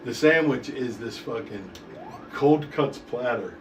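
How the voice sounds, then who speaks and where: A man co-hosting a stream who tells stories in casual, animated chat, with a lot of swearing. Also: medium pitch, takes it slowly. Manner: profane, animated storyteller. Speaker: stream co-host. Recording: echoey room, distant mic, faint noise.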